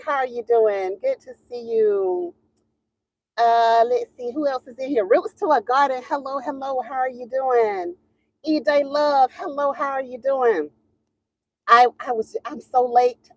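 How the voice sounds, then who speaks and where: A woman's voice: high-pitched, a little slow, no room sound. A woman hosting a casual livestream, chatty and laughing often as she greets viewers and tells a story. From Southern United States. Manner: chatty, laughs often, drawling Southern phrasing. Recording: dull lo-fi sound, dry room.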